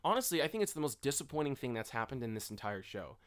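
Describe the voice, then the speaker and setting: A man's voice: mid-range voice, big pitch swings, fast talker, clear, resonant tone. A young man co-hosting a podcast, talking casually and profanely, often quoting characters in mocking voices. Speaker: podcast co-host. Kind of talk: casual chat.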